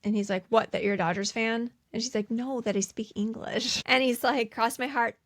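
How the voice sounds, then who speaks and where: A woman's voice: on the high side, fairly even intonation, brisk. A woman co-hosting a podcast, casually retelling film scenes and acting out the characters' lines between laughs. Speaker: podcast co-host. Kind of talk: casual movie recap chat.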